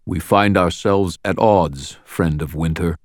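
A huge fae gruff that rumbles and growls, speaking in stiff archaic phrases, as a male narrator puts him on. The voice sits very low and is recorded dry and close. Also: takes it slowly, dry recording. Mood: menacing formal. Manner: formal archaic speech, growling.

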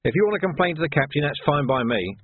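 A man voicing a gruff, hard-bitten middle-aged watch sergeant who speaks curtly with dry sarcasm. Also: on the high side, expressive, fast talker, no room sound, voice pushed up. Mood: brisk. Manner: curt, commanding, dry sarcasm. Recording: tinny narrow audio, dry.

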